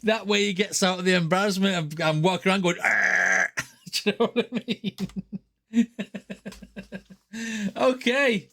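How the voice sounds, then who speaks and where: A man's voice: sits high, moderate pace, pauses often, a bit bright. A British man hosting a reaction channel, chatting casually and chuckling as he replays scenes aloud.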